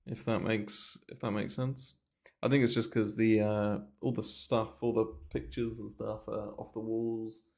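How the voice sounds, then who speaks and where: Low gravelly Englishman on a livestream. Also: level tone, a little slow, a little mellow. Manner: rambling, filler-heavy, swears casually. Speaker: crypto trading streamer. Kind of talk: casual livestream market commentary. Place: small bare room. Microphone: desk mic moved close to mouth.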